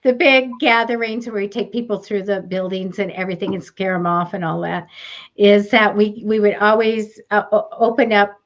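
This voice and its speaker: A woman's voice: medium pitch, normal speed, lo-fi sound. A woman co-hosting a live psychic show, talking in a chatty, rambling way and laughing often. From United States. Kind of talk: casual chat.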